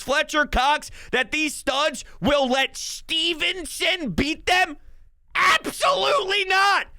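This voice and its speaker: A man hosting a sports podcast, giving excited fan commentary with boastful, hyped talk and bursts of shouting. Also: extremely high pitch, no echo.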